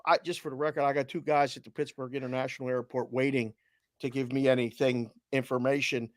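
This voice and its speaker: A man co-hosting a sports betting podcast who jokes and reacts quickly in casual talk. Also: medium pitch, little pitch movement, no echo, studio quality. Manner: joking, quick reactive interjections.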